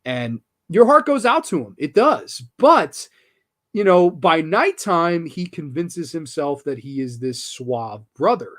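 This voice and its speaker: Excitable man hosting a horror review. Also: a little high, takes it slowly. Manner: enthusiastic and animated, swears casually, many restarts. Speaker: horror film review show host. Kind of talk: casual film review chat.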